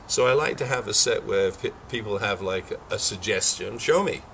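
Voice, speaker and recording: An older man, a film director, talks through his answers in a casual interview, often restarting and correcting himself mid-sentence. His voice sits a bit low but has a bright, forward edge, picked up from some distance with faint background noise. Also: normal speed, vocal fry. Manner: rambling, with frequent restarts and self-corrections. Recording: voice from a distance from the mic.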